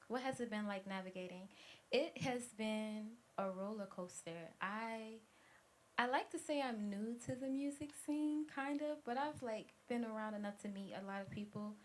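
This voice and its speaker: A woman in her twenties from Cincinnati, a guest musician with a hoarse, worn voice, answering interview questions in an open, reflective way. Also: medium pitch. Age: 20s. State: hoarse, has lost her voice.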